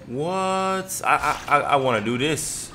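A young man giving casual gameplay commentary, excitable, often stammering and swearing as he reacts. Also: medium pitch, moderate pace, music in the background. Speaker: gaming commentator.

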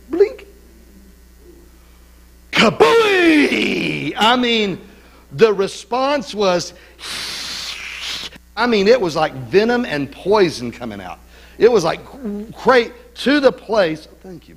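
Animated middle-aged male pastor preaching. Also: high-pitched, slightly rough, poor audio. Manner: animated preaching with call-and-response asides. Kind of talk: sermon. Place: church sanctuary.

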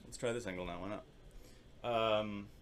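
A man teaching percussion in a casual, relaxed way, thinking aloud and singing rhythms with syllables. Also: lowish voice, measured pace, slight background noise. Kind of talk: casual instructional demonstration.

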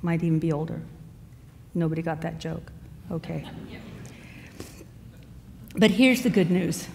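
A woman's voice: sits low, a little slow, creaky, darkish tone, slight background noise. Woman minister preaching in a big echoing hall. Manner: storytelling, conversational with asides to the congregation. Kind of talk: sermon. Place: church sanctuary. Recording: long reverb in a large hall.

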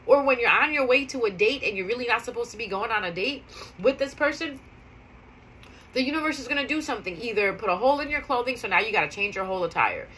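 Chatty woman vlogger, bright and slightly high, repeats herself for emphasis. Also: animated, fast talker, slight background noise, rough recording. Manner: chatty, conversational, repeats key phrases for emphasis. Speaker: spiritual vlogger. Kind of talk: casual storytelling monologue.

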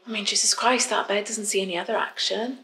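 A woman's voice: medium pitch, steady tone, fast, pushed and bright, reverberant, soft background music, low-quality recording. An actress playing a fed-up woman, stuck in lockdown with her partner, confiding in a rambling, apologetic way. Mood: wry. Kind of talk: confessional monologue.

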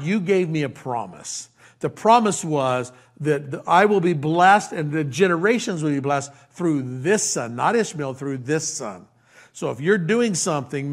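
A man, an older pastor, preaching a conversational verse-by-verse sermon, folksy and animated, acting out quoted lines and dropping into quiet asides. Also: a little high.

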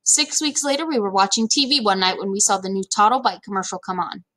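A woman reading a children's chapter book aloud in a lively, expressive storytelling manner. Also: mid-range voice, fast talker. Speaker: read-aloud narrator.

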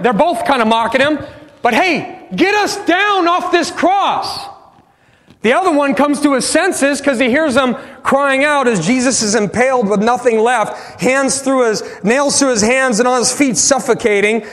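A man preaching a sermon as pastor, passionate, swinging from loud bursts to hushed pleas. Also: very high voice, long reverb tail. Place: church sanctuary.

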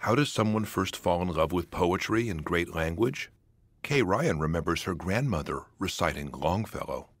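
A man narrating an audio poetry lesson in a measured, scripted way, showing how stressing words changes meaning. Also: low voice, animated, dry recording. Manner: measured, demonstrates word stress by example.

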